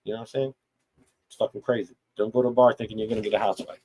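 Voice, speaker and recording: A man's voice: on the low side, flat delivery, very fast, a little mellow, a little hiss or hum, poor audio. Blunt, profane middle-aged man ranting. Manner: blunt, profane, rambling with restarts. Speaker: host of a live chat stream. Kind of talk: casual livestream rant.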